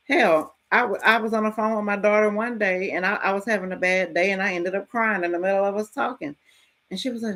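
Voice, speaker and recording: A middle-aged woman talks candidly as the host of a motivational show. Her delivery is casual and frank, with plain everyday phrasing and a bit of swearing. Her voice sits at an ordinary pitch for a woman. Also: brisk. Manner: frank, casual, lively storytelling with mild swearing. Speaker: podcast host.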